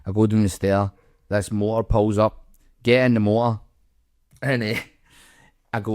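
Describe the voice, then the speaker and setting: A man's voice: on the low side, normal speed, pauses often. Sweary Scottish man telling a wild story. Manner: animated storyteller, swears a lot, acts out voices. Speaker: podcast co-host. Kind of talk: casual storytelling chat.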